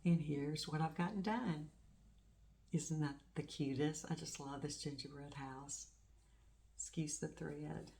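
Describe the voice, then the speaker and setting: Low, gravelly and dark in tone, this middle-aged woman speaks unhurriedly and steadily. As host of a craft channel, she rambles through a casual show-and-tell, gushing over every little thing in her stitching.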